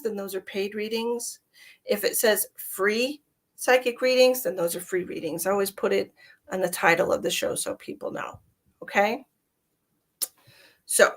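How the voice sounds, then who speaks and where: Middle-aged lady psychic chatting on a livestream, easygoing and rambling, mid-pitched voice. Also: a bit bright. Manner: chatty, breaks into high-pitched baby talk calling her cat. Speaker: psychic medium hosting live readings. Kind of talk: casual livestream chat.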